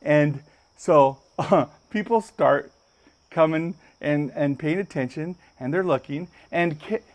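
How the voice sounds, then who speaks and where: A man hosting a podcast, telling a story with lots of energy and jumping up high when he acts out other people's lines. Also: slow pace, darkish tone, highs cut off. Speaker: podcast host. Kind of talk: animated storytelling. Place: podcast studio.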